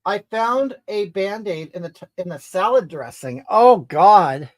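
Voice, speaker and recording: A crude, entitled woman rants and snipes indignantly at her viewers, as a performer plays her for a comedy livestream. Her mid-range voice swings widely up and down with each outraged jab. She rambles and scolds without pause. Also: mid-range voice, lively intonation, close to an everyday voice. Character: crude, entitled, brash middle-aged woman. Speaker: comedy livestreamer reading comments in character. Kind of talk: improvised character comedy.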